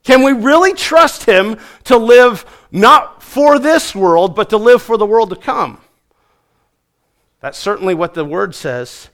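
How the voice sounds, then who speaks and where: A man with a high voice delivers a sermon. He pushes hard on key words, repeats phrases for weight and lets his voice sink at the close of each sentence. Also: expressive, unhurried, fairly bright tone. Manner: emphatic preaching, rising on key phrases and dropping low at line ends. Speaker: preacher.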